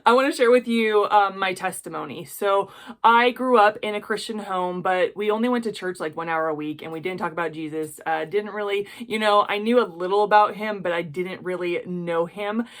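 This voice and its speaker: A woman hosting a jewelry-making tutorial, chatting warmly to viewers and ending with a heartfelt prayer. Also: mid-range voice, moderate pace. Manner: gushing, chatty, addresses viewers directly. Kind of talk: casual tutorial with closing prayer.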